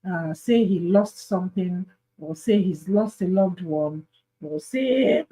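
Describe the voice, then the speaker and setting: A woman's voice: medium pitch, takes it slowly, dark tone, breathy edge, rough recording. A Nigerian woman hosting an advice talk, speaking earnestly and pleading, repeating her points for emphasis. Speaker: host.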